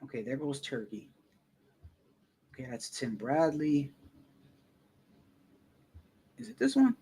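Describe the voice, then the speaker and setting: A man's voice: mid-range voice, sing-song, slow pace, warm tone, slight background noise. A man giving casual, heated commentary, profane and repeating himself as he rants. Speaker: boxing commentary streamer.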